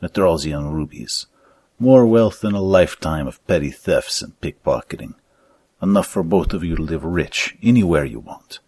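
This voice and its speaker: A man's voice: low-pitched, expressive, normal speed, darkish tone, breathy edge, dry recording, exaggerated voice. A man voicing a sinister fat merchant with a thick foreign accent in a storybook reading. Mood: tempting.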